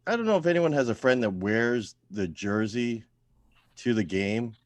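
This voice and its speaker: A man doing a deadpan stand-up set over a video call from home, trailing off into quiet, self-deprecating mumbles. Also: mid-range voice, moderate pace, no echo. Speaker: stand-up comedian at open mic.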